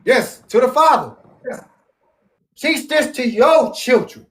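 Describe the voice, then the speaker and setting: High-voiced man preaching scripture. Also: expressive, slow, fairly bright tone. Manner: emphatic preaching, reading verses aloud. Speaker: religious teacher. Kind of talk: scripture teaching on a live stream. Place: at home.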